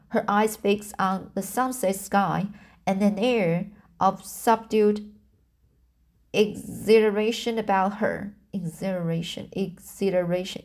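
A woman's voice: mid-range voice, a little mellow. A woman reading a novel aloud, often stumbling over words and restarting lines. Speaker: audiobook reader. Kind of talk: amateur audiobook narration.

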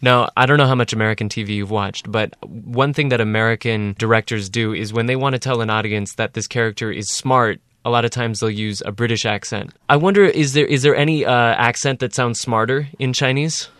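A man's voice: medium pitch, fairly quick, few pauses, fairly bright tone, dry recording, studio quality. A man interviewing a guest, asking thoughtful and curious questions.

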